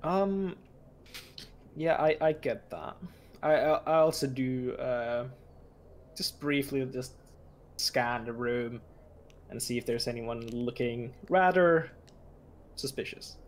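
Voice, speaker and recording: A man's voice: mid-range voice, slow, pauses often, a little hiss or hum. Hesitant man playing a tabletop game. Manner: hesitant, full of restarts. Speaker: player. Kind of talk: casual role-play.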